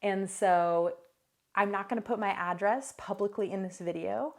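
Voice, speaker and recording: A woman's voice: medium pitch, normal speed, creaky, a little mellow. A young woman talking casually to the camera in her vlog, chatty and full of asides. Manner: chatty, many fillers and asides. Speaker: vlogger. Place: new apartment.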